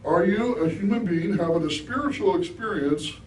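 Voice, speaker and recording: A man's voice: high voice, animated, moderate pace, darkish tone, a little hiss or hum. A middle-aged man giving a conversational spiritual talk to an audience, often asking them questions. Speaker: guest speaker. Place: hall with a live audience. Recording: echoey room, mic at a distance.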